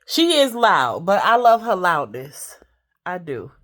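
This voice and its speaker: A woman's voice: fairly low pitch, sing-song, slow pace, a bit bright. Grandmother vlogger, congested, easygoing home chat. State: stuffy with a cold. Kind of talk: casual chat to viewers. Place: in bed at home.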